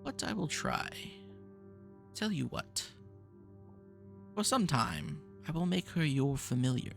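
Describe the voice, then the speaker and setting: A man's voice: mid-range voice, wildly swooping pitch, slow, vocal fry, fairly bright tone, faint music behind, exaggerated voice. A man playing a pompous grandiose old mage. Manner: pompous, theatrical, touchy. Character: grandiose eccentric male mage, game's creator.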